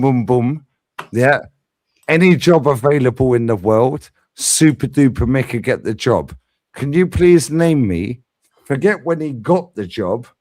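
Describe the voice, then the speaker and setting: A man's voice: medium pitch, a little mellow, dry recording. A man hosting a heated live fan stream, bantering, swearing and laughing often. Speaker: livestream host. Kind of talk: heated livestream fan debate.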